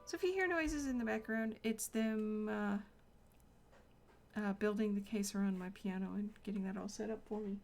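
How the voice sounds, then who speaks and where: A woman streaming a game at home, chatting excitedly and murmuring to herself as she plays. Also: medium pitch, normal speed, creaky, slight background noise. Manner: excitable, chatty, drifts into soft murmurs while playing. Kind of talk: casual gameplay commentary. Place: home room.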